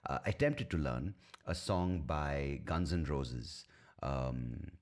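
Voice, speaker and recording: Guy in his 30s, super deep voice, rambling podcast chat, lots of swearing. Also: animated, slow. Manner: rambling, self-mocking, swears freely. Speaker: podcast host. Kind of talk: casual solo podcast chat.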